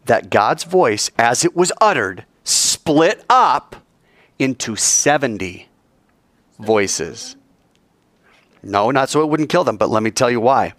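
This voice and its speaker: A man teaching a live group, lively and joking, acting out quoted lines as he explains. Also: mid-range voice, dry recording, clean studio sound. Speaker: Bible teacher.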